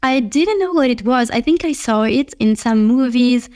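A woman's voice: on the high side, lively intonation, moderate pace, a little mellow. A woman learning Chinese, translating sentences thoughtfully and asking questions in a casual lesson. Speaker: language learner.

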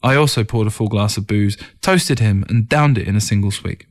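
A man reading a first-person story as an audiobook, in a measured, reflective narration. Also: lowish voice.

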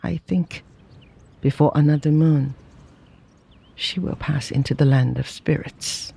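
Reader doing sad merchant dad in an old story, slow, mellow and kinda husky. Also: medium pitch. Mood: mournful. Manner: slow, sorrowful and plain-spoken. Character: grieving middle-aged Chinese merchant father, quiet and mournful.

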